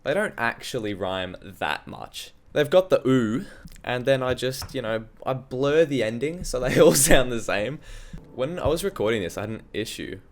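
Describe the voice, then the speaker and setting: Sweary Australian guy, lively pitch. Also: moderate pace. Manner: loose, sweary and self-mocking. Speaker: hobby music producer. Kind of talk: casual screen-recorded walkthrough.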